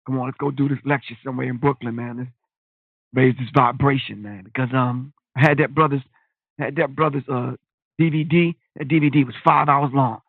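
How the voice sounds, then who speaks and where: Husky man on a phone-like radio line. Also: mid-range voice, dry recording. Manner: laid-back street slang, repeats phrases. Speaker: radio show host. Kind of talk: casual talk radio with event announcements. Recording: dry phone-quality line.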